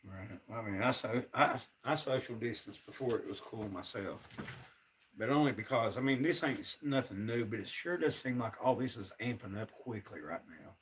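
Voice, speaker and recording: A man's voice: mid-range voice, moderate pace, fairly bright tone, far from the mic, a little hiss or hum. A man, ranting to his viewers on a casual livestream, sounding frustrated and fed up. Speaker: livestream host.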